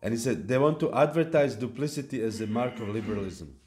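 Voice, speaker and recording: A man giving a devotional lecture at a temple, speaking in a halting way with fillers and restarts. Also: medium pitch, darkish tone. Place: temple hall.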